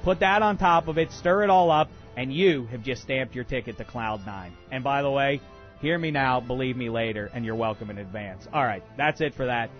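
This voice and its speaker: A man hosting a comedic sports talk radio show, ranting in an excitable, bombastic way with many uhs. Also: mid-range voice, normal speed, highs cut off, soft background music. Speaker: radio host.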